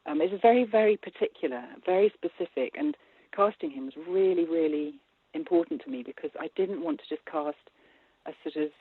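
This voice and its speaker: A woman's voice: on the low side, brisk, husky, dry recording. Woman director on a tinny line. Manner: animated, laughing, with many restarts. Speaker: film director. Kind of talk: interview conversation. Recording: tinny phone-line sound.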